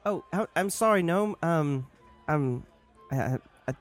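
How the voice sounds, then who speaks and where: A man of middling pitch plays his tabletop character with many stutters and hesitations, with faint music behind. He stays in character as a flustered highborn. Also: expressive, unhurried. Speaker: player.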